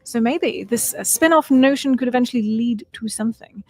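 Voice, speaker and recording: A woman's voice: fairly high pitch, brisk, dry recording. A woman co-hosting a podcast, chatty and wry as she runs through news and sign-offs. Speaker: podcast co-host. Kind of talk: casual chat, reading news items.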